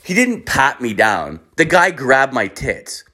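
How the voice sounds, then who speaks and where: A young man telling a long comic story in a profane, rambling, animated way. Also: medium pitch, takes it slowly.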